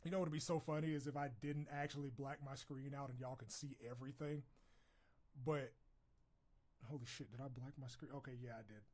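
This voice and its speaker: A man streaming live and chatting casually with viewers, profane and quick to laugh, swinging between loud outbursts and low mumbles. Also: fairly even intonation.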